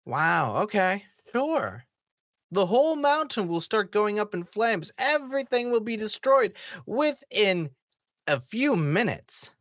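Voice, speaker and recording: A reviewer talks through an episode in a casual vlog style, sarcastic and mocking, with the odd swear word. The voice sits in a middle pitch. The sound is dry, with no room echo. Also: very animated, slow, a bit bright.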